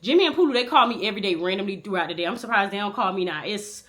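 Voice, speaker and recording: A woman in her thirties with a bright, forward voice spins a rowdy true-life storytime. She swears freely and talks straight to the viewer like a close friend, animated and loose. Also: medium pitch, very fast. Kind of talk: casual storytime.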